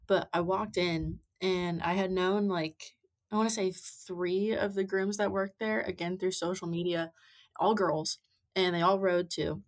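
A young woman in her twenties with a fairly low voice tells long stories as a podcast guest. She talks casually and chattily, with many likes and ums along the way. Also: steady tone, a little slow. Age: 20s. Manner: chatty storytelling with many fillers. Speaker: podcast guest, amateur rider. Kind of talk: casual interview chat.

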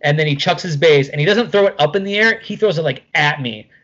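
A middle-aged man telling a casual anecdote as a guest, animated, swearing freely and filling with "like". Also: fairly high pitch, fast, muffled recording.

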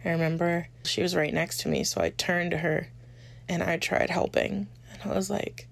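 A woman with a low, gravelly voice tells old school memories in a loose, chatty way, scattering "like" through her sentences. The sound is close and dry. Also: steady tone, moderate pace, no echo. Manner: chatty, many "like" fillers. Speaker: interviewee. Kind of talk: casual recounting of memories.

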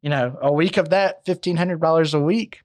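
Man, true crime storyteller, casual and chatty, a bit high-pitched. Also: moderate pace, darkish tone. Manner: conversational, many fillers and asides.

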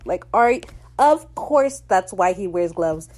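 A woman chats through an episode recap with a low, mellow voice. She jokes, swears freely and drops slangy asides as she goes. A faint hum sits behind her. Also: expressive, a little slow. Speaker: podcast host recapping a TV episode.

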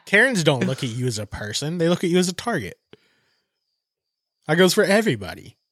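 A man's voice: a little high, sing-song, brisk, a bit bright, no echo, studio quality. A young man from Southern California, chatting casually on a podcast, laid-back and wry as he acts out quotes. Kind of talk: casual chat.

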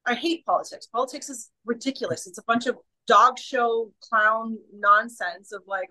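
A woman's voice: a little high, lively intonation, brisk, pushed and bright, low-quality recording. A woman, a guest in a casual interview, talking with emphatic passion and often restarting her sentences. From Canada.

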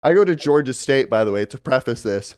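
A man's voice: mid-range voice, expressive, a little fast. A young man, co-host of a casual podcast, telling a rambling story full of swearing and mimicry. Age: young adult. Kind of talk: casual chat.

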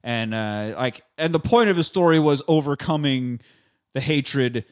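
A man's voice: mid-range voice, unhurried. A young man hosting a podcast, casually retelling a film with lots of fillers and swearing. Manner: rambling, profane, uses many fillers. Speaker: podcast host.

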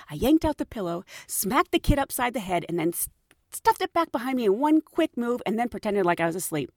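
A middle-aged woman hosting a storytelling podcast, chatty and animated and laughing often. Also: mid-range voice, no echo, clean studio sound. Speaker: podcast host.

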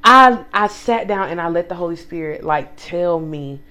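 A young woman with a lowish voice, speaking at normal speed, co-hosts an easygoing faith podcast. She tells a personal story with animated emphasis, acting out quoted speech and talking right to her listeners.

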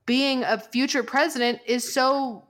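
A woman's voice: sits high, fairly even intonation, a little slow, a bit bright. Give me a chatty woman podcast co-host. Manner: chatty, laughs often, says "like" a lot. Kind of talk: casual chat.

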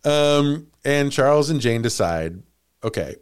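Animated, laughing man telling a story. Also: a little high, normal speed. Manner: animated, laughs often, jokey asides. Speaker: podcast host and storyteller. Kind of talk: casual comedic storytelling.

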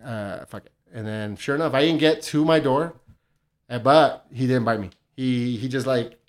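A man's voice: mid-range voice, moderate pace. A man telling a story in casual podcast chat, swearing freely and acting out what people said. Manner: animated, swears a lot, acts out quotes.

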